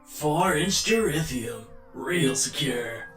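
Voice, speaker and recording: A man plays a laid-back, shifty slacker husband in a video game, drawling his words slowly. The voice runs high and sounds echoey, with music in the background. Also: animated, a bit bright.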